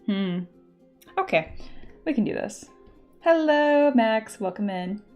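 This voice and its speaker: Woman chatting away on a sculpting stream, giggly, soft music behind. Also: on the high side, expressive, slow pace. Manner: chatty, laughs often, reads chat aloud. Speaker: 3D sculptor streaming her work. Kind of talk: casual live-stream chat while working.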